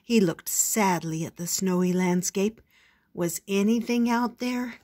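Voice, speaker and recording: An older woman reading a picture book aloud in a slow, gentle storytelling manner. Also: medium pitch, slight background noise.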